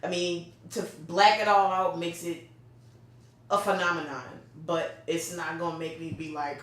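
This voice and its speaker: A woman's voice: on the low side, moderate pace, distant mic. A woman co-hosting a podcast, chatting about movies in an emphatic, teasing way. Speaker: podcast co-host. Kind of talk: casual movie review chat. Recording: echoey room, away from the mic.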